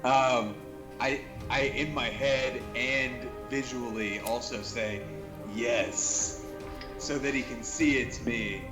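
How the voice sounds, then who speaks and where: A relaxed man talks through his turn in a tabletop game, pausing and unsure. Music and room echo sit behind him. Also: medium pitch. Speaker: player. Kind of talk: casual tabletop play.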